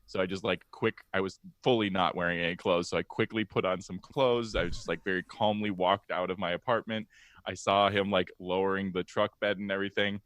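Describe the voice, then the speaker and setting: A man's voice: low-pitched, fairly even intonation, a little fast, fairly bright tone, dry recording. A man, a comedian guest on a podcast, telling anecdotes in casual chat with a laid-back, hesitant delivery.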